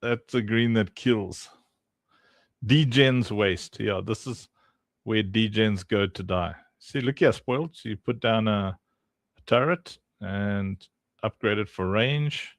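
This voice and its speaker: Here a man with a low-ish voice talks a little slowly, captured at studio quality with no room sound. While playtesting a game he made, he keeps up chatty, teasing livestream banter, laughing frequently and naming viewers as he talks to them.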